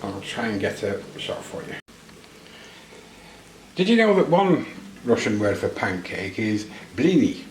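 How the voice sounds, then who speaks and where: A British man with a fairly low voice talks through a cooking demonstration in his home kitchen. He cracks self-deprecating jokes and keeps things casual. The room is echoey, with faint background noise. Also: big pitch swings, measured pace, long pauses, darkish tone. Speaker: vlogger.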